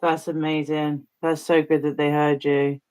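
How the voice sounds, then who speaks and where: Playful Welsh-accented woman, lowish voice. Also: level tone, a little slow, a little mellow, clean tone. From United Kingdom. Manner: playful, self-mocking, chatty. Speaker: livestream host. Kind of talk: casual chat.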